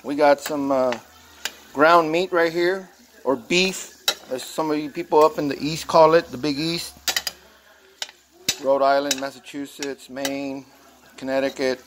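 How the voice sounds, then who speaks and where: A man's voice: a little high, fairly even intonation, unhurried, pauses often, background noise. A man from Texas with a Texan accent, casually talking through a recipe at his workplace in a rambling, folksy way full of fillers. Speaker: mechanic shop worker sharing a recipe. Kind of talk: casual how-to vlog.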